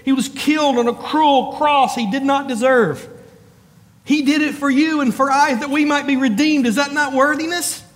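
Delivering a sermon with a big-room sound, a pastor with a very high voice calls out to his congregation and builds emphatic lists. He punctuates it with rising, forceful calls and fast asides.

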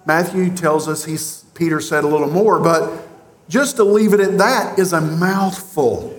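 A pastor delivering an emphatic sermon, with rhetorical questions and long pauses. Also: male voice, a little high. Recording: roomy echo.

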